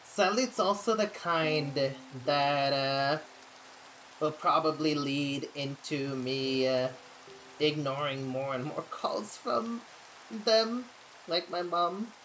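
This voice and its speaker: A woman's voice: low voice, slow pace, a bit bright, slight background noise. A young adult woman streaming, chatting casually and venting candidly, rambling with frequent laughs. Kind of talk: casual live-stream chat.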